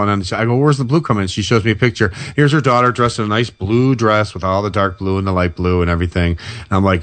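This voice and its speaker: In a lowish voice and at a quick pace, this man swaps paranormal stories in casual conversation, vividly imitating whoever he's quoting. There is no echo on the recording.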